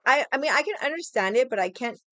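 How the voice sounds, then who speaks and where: A woman's voice: high-pitched, lively intonation, fast talker, sharp tone, no echo. A young woman telling a story in a chatty, casual way, laughing and swearing as she talks. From Hawaii. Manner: irritated, stubborn storyteller. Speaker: vlogger.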